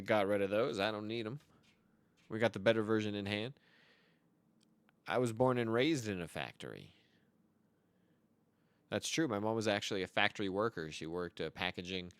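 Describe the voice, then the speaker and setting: A young man with a bright, sharp voice talks over a card game match, slipping into deadpan made-up stories. His tone is crisp and clean, and the sound is dry and close, with no room around it. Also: fairly low pitch, normal speed, long pauses, no room sound. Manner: deadpan absurd tall tales. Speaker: card game content creator. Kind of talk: joking commentary over gameplay.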